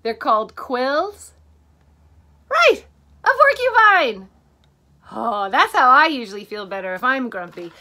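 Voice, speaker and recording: A woman teacher reading a picture book to children in an animated way, stopping to ask them questions. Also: high voice, measured pace, pauses often.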